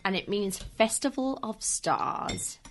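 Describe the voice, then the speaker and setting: A woman's voice: mid-range voice, animated, takes it slowly, fairly bright tone, a little hiss or hum. A woman hosting a casual chat over a meal, enthusiastic and conversational. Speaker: host.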